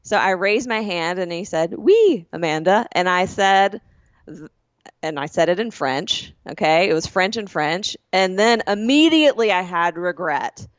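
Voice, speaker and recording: A woman's voice: lowish voice, expressive, moderate pace, no echo, dull audio. Woman telling a rambling story, dry sound. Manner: rambling, self-correcting storyteller. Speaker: podcast co-host. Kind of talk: casual storytelling chat.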